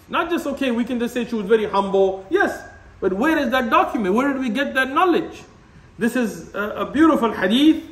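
High-pitched guy preaching hard, jumpy lively delivery, lots of arabic words, echoey room. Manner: animated, blunt, laughs while ranting, sprinkles Arabic terms. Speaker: Islamic lecturer. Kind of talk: impassioned religious lecture.

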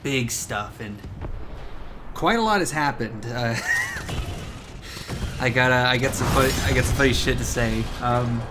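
A man's voice: mid-range voice, wildly swooping pitch, measured pace, pauses often, noisy background. A young man telling a story in casual, rambling gameplay commentary, swearing and laughing a lot. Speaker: gaming commentator. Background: game sounds and music.

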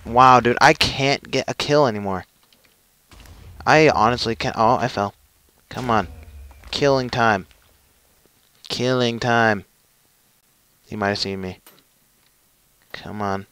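A man's voice: medium pitch, slow, long pauses, fairly bright tone, smooth, no echo. A young man commentating his own gameplay, with frustrated, self-mocking outbursts. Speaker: gaming channel host.

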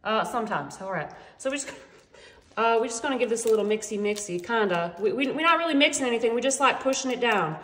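A woman's voice: a little high, lively intonation, fast talker, fairly bright tone. A woman chatting playfully through a home cooking demonstration, talking to viewers as y'all. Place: home kitchen. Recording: echoey kitchen with faint noise.

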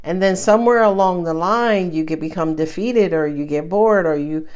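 A woman's voice: fairly low pitch, normal speed, darkish tone, lo-fi sound. A woman reading tarot cards to camera in a casual, emphatic way, full of slang and calling the listener baby. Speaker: tarot reader.

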